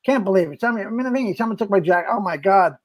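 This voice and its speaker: An older man, a comedian, tells show-business anecdotes in a relaxed chat. He is animated, acts out the quotes, and stumbles into restarts as he goes. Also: sits high, racing. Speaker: guest comedian. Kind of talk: storytelling in casual chat.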